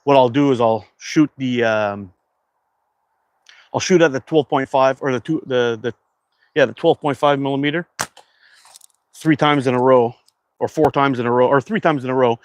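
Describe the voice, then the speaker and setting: A man's voice: mid-range voice, moderate pace, pauses often. Laid-back man chatting on a livestream. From Canada. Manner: chatty, reads viewer comments aloud; laid-back, rambling with fillers. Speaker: livestream host. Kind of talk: casual livestream chat.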